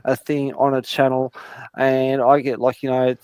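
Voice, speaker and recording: A man's voice: mid-range voice, completely flat delivery, moderate pace, darkish tone, smooth, dry recording. An Australian man chatting on a panel call, rambling and self-deprecating, with heavy swearing. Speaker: panel guest. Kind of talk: casual chat.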